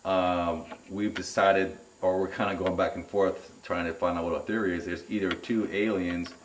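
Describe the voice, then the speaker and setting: A middle-aged man giving a rambling, animated personal account in an interview, often repeating his words. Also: deep voice, moderate pace, slight background noise. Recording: roomy and distant from the mic.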